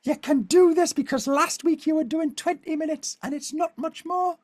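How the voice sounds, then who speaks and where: A man doing a high-pitched impression of a cheery northern English woman giving fitness coaching. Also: moderate pace, a crowd in the background. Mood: chirpy.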